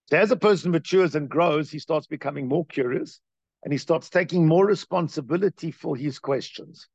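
A man giving a Torah class as its teacher, in an animated, questioning way full of rhetorical questions. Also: fairly high pitch, moderate pace, no room sound, muffled recording.

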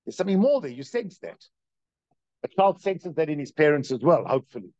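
A man's voice: fairly high pitch, very animated, fairly quick, warm tone, dry recording. A man giving a conversational religious lecture, telling stories and putting questions straight to his listeners. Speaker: teacher of a Jewish religious class. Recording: dry, dull lo-fi recording.

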